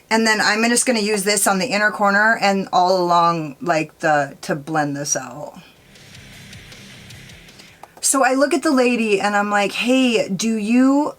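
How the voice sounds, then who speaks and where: A woman's voice: fairly low pitch, fairly bright tone. A woman makeup vlogger telling a rambling, profane story while doing her makeup, peppering her talk with "like" and "dude".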